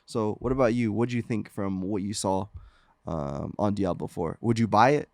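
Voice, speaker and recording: A man's voice: fairly low pitch, normal speed, creaky, no room sound. Easygoing male podcast co-host, chatty storyteller, dry close-mic sound. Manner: relaxed storytelling, acts out crowd reactions. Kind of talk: casual gaming podcast chat.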